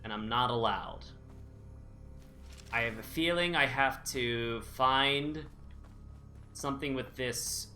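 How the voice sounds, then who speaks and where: A man's voice: mid-range voice, slow, pauses often, pushed and bright. A man streaming a video game live, keeping up a jokey, nervous running commentary to himself. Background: game music.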